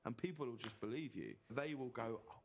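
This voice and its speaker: A man from Britain in middle age spins a rambling, self-mocking anecdote for an interview. His pitch is ordinary and unhurried. A faint hiss runs under the audio. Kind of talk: anecdotal storytelling.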